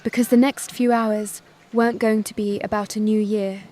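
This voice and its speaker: A woman narrating a first-person family drama story in a calm, measured voice. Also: medium pitch.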